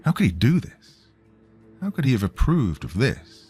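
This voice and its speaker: A man reading a scripted horror story in a slow, grave storytelling way. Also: mid-range voice, huge pitch swings, a little mellow, slightly rough, faint music behind.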